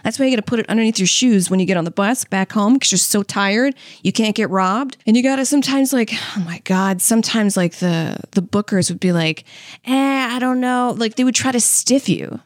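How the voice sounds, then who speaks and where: A woman's voice: medium pitch, brisk, few pauses, dry recording, studio quality. A young woman, a stand-up comic and co-host, telling stories casually. She acts out what people said and laughs often. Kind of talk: casual storytelling.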